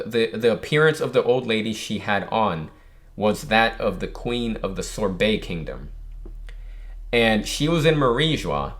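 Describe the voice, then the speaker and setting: A man's voice: on the low side, fairly bright tone. A man hosting a manga reaction video, reading the dialogue aloud in a plain voice and breaking off for casual commentary and self-corrections. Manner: reads character dialogue in a plain voice, stops to comment and correct himself. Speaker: manga reaction channel host.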